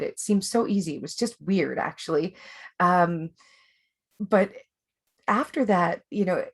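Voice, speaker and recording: Woman coach rambling thru a webinar, lots of um and you know, gravelly fry in her voice. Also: fairly low pitch. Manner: chatty, rambling, with many fillers and restarts, laughs easily. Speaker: life coach hosting a webinar. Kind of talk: casual coaching talk.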